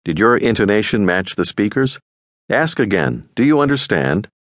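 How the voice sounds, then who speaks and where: A man narrating a scripted audio language lesson, giving clear, patient instructions. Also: fairly low pitch, big pitch swings, moderate pace, a bit bright, no echo, clean studio sound.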